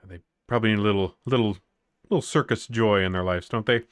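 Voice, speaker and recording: A man's voice: fairly low pitch, fast talker, smooth, lightly acted. A man voicing a grateful older townsman who speaks earnestly and stumbles a little over his words. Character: kindly older male townsman, grateful and warm.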